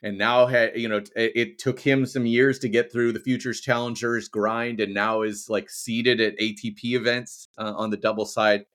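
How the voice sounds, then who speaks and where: A man's voice: mid-range voice, level tone, normal speed, hardly any pauses, fairly bright tone. A young adult man co-hosting a podcast in casual chat, rambling with frequent restarts and casual swearing. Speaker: podcast co-host.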